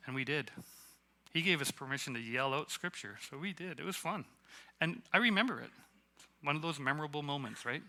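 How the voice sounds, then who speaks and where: A man from Canada giving a casual, halting sermon at a church, self-deprecating and full of fillers. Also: a little high, expressive, sharp tone. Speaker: guest preacher. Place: church hall.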